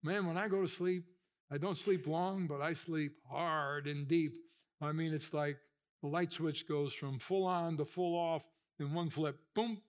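A pastor preaching a sermon with animated storytelling, acting out voices and getting louder for emphasis. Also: male voice, a little slow. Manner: animated storytelling, acts out voices, rises in pitch and volume for emphasis.

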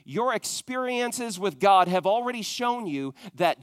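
High-voiced preacher with dry close sound. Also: male voice, measured pace, hardly any pauses, no room sound. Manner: dynamic preaching, rising to loud emphatic peaks and dropping to hushed tones; talks straight to the congregation with questions. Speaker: pastor. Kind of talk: sermon.

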